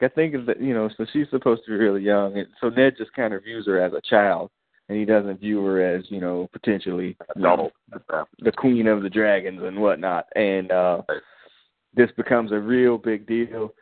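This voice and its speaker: Over a tinny, phone-like line with no room sound, a man with a lowish voice and fairly even intonation speaks at normal speed. A laid-back podcast co-host, he casually recaps episodes and acts out characters' lines in slang.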